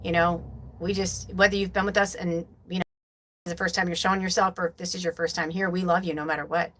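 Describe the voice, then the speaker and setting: A woman's voice: lowish voice, flat delivery, fast, a bit bright, rough recording. Rambling woman hosting a spiritual livestream. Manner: rambling, filler-heavy, heartfelt. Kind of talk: casual live-stream chat.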